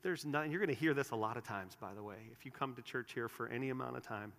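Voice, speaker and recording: A man preaching a sermon in a church, earnest, rising to emphatic peaks and dropping to quiet, soft lines. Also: medium pitch, quick pace, vocal fry, few pauses. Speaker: pastor. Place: church sanctuary. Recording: long reverb of a large room.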